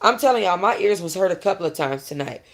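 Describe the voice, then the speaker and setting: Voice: medium pitch, fast. A vlogger giving a casual, opinionated music review, gossipy and blunt, talking straight to viewers and swearing freely. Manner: animated, blunt and profane, with mocking impressions.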